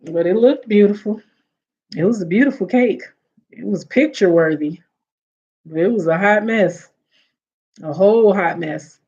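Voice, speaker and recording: A woman's voice: mid-range voice, unhurried, long pauses, slightly rough. Woman, casual livestream storyteller, laughs a lot, lo-fi sound. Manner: animated, laughs often, acts out quoted relatives. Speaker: livestream host. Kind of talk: casual storytelling to live chat. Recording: dull lo-fi audio.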